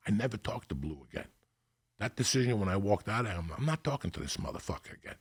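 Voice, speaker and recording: A middle-aged man from Cuba, a podcast guest telling stories in a profane, animated way and acting out what people said. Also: lowish voice, fast talker. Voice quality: gravelly, husky. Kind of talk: storytelling in casual chat.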